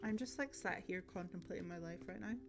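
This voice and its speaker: A young Scottish woman streaming a cozy game, gushing and excitable, often trailing off into fillers. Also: fairly low pitch, fast, creaky, poor audio. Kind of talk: casual gaming livestream chat. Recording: game music playing underneath.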